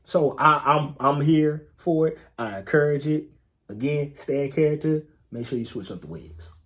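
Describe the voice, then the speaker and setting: A man's voice: on the high side, moderate pace. A man co-hosting a podcast in casual chat, laid-back and emphatic, swearing freely and repeating phrases to drive a point home. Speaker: podcast co-host.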